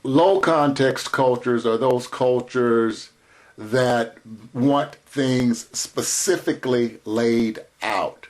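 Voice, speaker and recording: A man lectures in a deliberate, unhurried voice, pausing between phrases as if listing points for students. His pitch sits in an ordinary middle range. He sounds middle-aged and steady, like a teacher walking a class through notes. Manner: slow, measured delivery with spelled-out terms. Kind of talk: recorded lecture.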